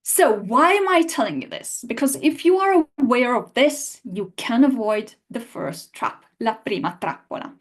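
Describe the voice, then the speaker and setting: Female language teacher, online lesson; slightly high-pitched, slow and patient, walks through each point. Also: sing-song. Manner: patient, explains step by step and has learners repeat sounds.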